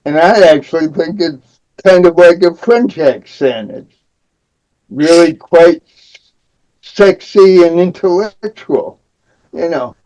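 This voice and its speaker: An older man with a Midwestern accent and speech shaped by cerebral palsy, talking as a guest on a podcast interview in a slow, deliberate, wry way. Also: a little high, lively intonation, a little mellow, poor audio. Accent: Midwestern American. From American Midwest. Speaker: guest, disability advocate.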